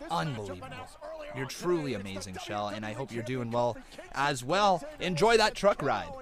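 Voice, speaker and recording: A young man from Canada hosting a live stream, chatting casually with viewers and breaking into loud excited shouts. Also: medium pitch, moderate pace. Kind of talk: live-stream reaction chat.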